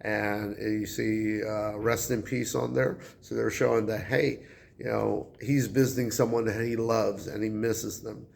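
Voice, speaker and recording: Male English teacher, deep fry in the voice, relaxed classroom explainer. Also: unhurried, a little hiss or hum. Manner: relaxed, conversational, with fillers. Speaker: high school English teacher.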